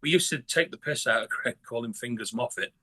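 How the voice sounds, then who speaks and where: Blunt, bright, husky-voiced man from northern England. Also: mid-range voice, a little fast. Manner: blunt, heavy swearing, many restarts. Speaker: guest musician. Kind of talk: casual interview chat.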